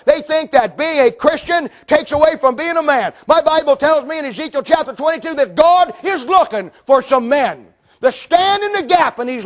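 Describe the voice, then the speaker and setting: An older man preaching with a strikingly high, strained voice. He tells stories dramatically and swings from forceful calls to near-whispers. The delivery is fervent. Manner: fervent, dramatic storytelling, swings loud to quiet. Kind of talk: sermon.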